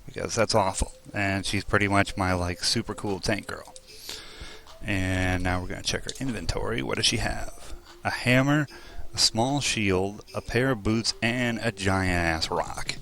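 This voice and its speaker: A man's voice: on the low side, unhurried, gravelly, pushed and bright. A young man casually commenting on his role-playing video game session, rambling and joking at his own expense, recorded on a desk mic at home. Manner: joking, rambling, laughs at himself. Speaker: let's play host.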